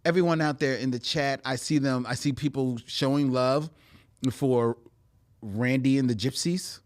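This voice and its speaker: A man's voice: mid-range voice, fairly even intonation, normal speed. A man co-hosting a live video podcast in casual chat, teasing and laughing often, drawing out words for emphasis. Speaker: podcast co-host. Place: podcast studio.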